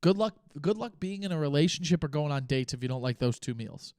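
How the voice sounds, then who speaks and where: A young man hosting his own podcast, thinking aloud in a rambling, unscripted way with pauses and restarts. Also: fairly high pitch, lively intonation, darkish tone, no echo, studio quality. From United States. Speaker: podcast host. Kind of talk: casual solo podcast talk.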